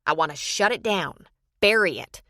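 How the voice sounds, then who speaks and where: A woman's voice: fairly low pitch, animated, moderate pace, sharp tone, dry recording, studio quality. A woman reading an embarrassed, regretful woman who speaks in a rueful, confessional way.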